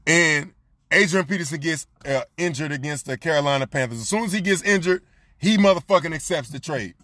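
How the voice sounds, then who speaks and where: A man telling a story in casual chat, animated and profane, laughing often and repeating lines for emphasis. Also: fairly high pitch, brisk, no echo.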